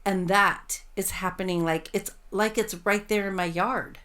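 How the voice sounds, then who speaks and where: A woman co-hosting a casual podcast chat, excitable and rambling, swearing freely as she tells stories. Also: medium pitch, measured pace. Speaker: podcast co-host.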